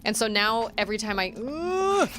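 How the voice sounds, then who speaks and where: A woman in her thirties chatting casually as she streams a video game, chatty and quick to giggle. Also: fairly high pitch, big pitch swings, background noise. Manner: chatty, giggly, talks to chat. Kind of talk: casual gameplay chat. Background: game music.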